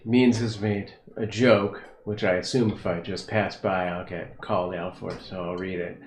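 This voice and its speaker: A man's voice: deep voice, fairly even intonation, moderate pace, crowd noise. A man co-hosting a casual livestream chat, easygoing and joking as he reads out viewer comments. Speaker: livestream co-host reading chat. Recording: echoey room with faint hiss.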